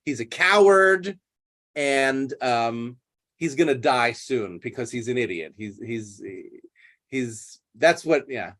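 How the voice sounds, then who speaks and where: A man voicing a sharp-tongued young maid who scolds and scoffs while retelling a play in a lesson. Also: mid-range voice, expressive, takes it slowly, voice pushed down. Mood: scoffing.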